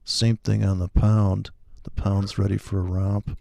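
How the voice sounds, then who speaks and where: A man's voice: on the low side, flat delivery, measured pace, creaky, warm tone, no echo. A man hosting a casual livestream, rambling and profane as he calls the markets. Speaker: host, forex trader.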